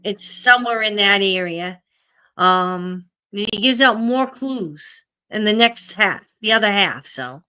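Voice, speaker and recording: A woman's voice: medium pitch, lively intonation, a little slow, sharp tone, clean tone. A middle-aged woman hosting a casual live stream, chatting and answering viewers' comments.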